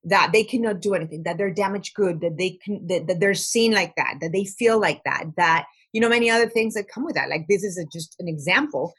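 A woman's voice: medium pitch, a little fast, hardly any pauses, a bit bright, husky. A woman being interviewed about her recovery work, earnestly and often repeating words as she searches for phrasing. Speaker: guest, trauma recovery practitioner. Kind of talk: conversational interview.

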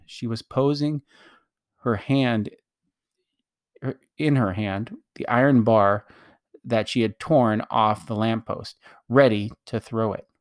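A man reading a children's novel aloud in a calm, measured way. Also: fairly low pitch, dry recording, clean studio sound. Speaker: reader. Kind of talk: storybook reading.

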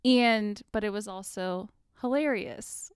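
Chatty woman with a smooth voice. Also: mid-range voice, takes it slowly, dry recording, clean studio sound. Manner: animated, lots of fillers and laughs. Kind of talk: casual chat about a TV show.

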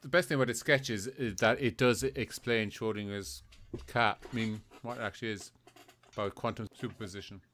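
A man's voice: fairly low pitch, fairly quick, a bit bright. A man in casual chat, explaining things earnestly and stumbling over words now and then.

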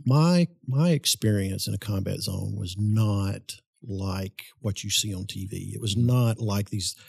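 A man in a podcast interview, telling army stories in a casual, animated way. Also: on the low side, unhurried, creaky, husky, dry recording. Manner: animated, laughs through his story. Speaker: guest. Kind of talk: casual storytelling.

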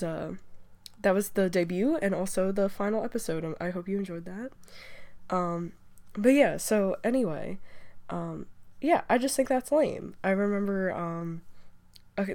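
A woman's voice: mid-range voice, a little mellow. A young woman hosting a casual solo talk show, rambling chattily with lots of fillers and restarts, a bit stuffy from allergies. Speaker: podcast host.

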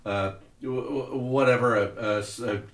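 Animated profane man telling a story. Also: medium pitch, normal speed, roomy sound, far from the mic. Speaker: podcast host. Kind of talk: casual storytelling over drinks. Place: podcast studio.

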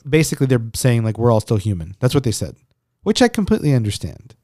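A man co-hosting a podcast in casual chat, rambling and swearing, quick to laugh. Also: mid-range voice, very animated, mellow, dry recording, studio quality. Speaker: podcast co-host. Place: home recording room.

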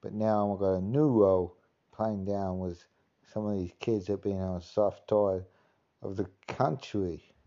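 A man's voice: lowish voice, steady tone, a little slow, dark tone, muffled recording. A man hamming up a sweary cockney geezer. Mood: swaggering. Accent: Cockney, put on. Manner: rambling, sweary, full of filler phrases. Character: swaggering male cockney geezer, crude. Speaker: podcast host. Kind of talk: comic impression monologue.

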